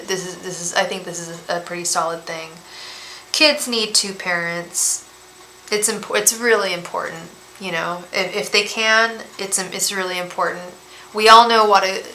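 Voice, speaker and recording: A woman reading tarot cards on a live stream, talking gently and emotionally, often repeating and restarting her words. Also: medium pitch. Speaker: tarot reader and psychic medium. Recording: echoey room with faint background hiss.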